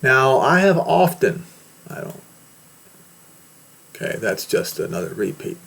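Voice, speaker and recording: An American man delivers a preaching-style commentary, his pitch sitting in an ordinary middle range. He speaks with emphasis and now and then builds up to forceful declarations. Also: very animated, measured pace, creaky, breathy edge. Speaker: religious commentator. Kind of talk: preaching commentary on news and scripture.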